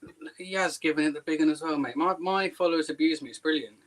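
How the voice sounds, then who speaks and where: A man's voice: fairly high pitch, quick pace, fairly bright tone, rough recording. A man, a little out of breath, joking and teasing himself as a guest on a casual livestream. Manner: joking, self-mocking banter.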